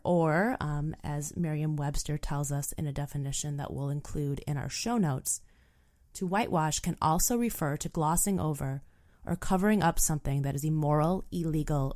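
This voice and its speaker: A woman hosting a travel podcast, talking in a frank, animated way with plenty of "like" in her conversational speech. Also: deep voice, a little fast. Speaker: podcast host.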